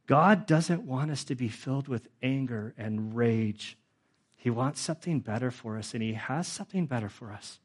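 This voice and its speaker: A middle-aged man preaches in a loose, conversational way, full of fillers, and turns earnest and emotional. His voice sits at an ordinary middle pitch. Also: expressive, moderate pace. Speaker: pastor. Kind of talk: sermon.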